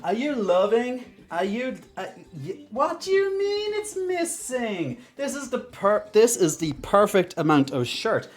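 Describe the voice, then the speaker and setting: A woman's voice: fairly high pitch, big pitch swings, unhurried, few pauses, voice pushed up. A woman putting on a cheesy mock-Italian pizza host, playful and over the top, on a game livestream. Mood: hammy. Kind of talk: comic bit on a game livestream.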